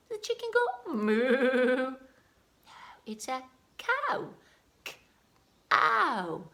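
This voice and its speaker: This primary school teacher has a Welsh accent and a fairly high, somewhat bright voice. She gives a home phonics lesson, encouragingly sounding out letters at a slow pace.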